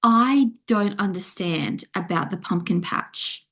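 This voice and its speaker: A woman's voice: medium pitch, expressive, slow, a bit bright. A woman guesting on a podcast, chatting casually with lots of loose asides. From Australia. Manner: chatty, rambling with fillers. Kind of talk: casual chat.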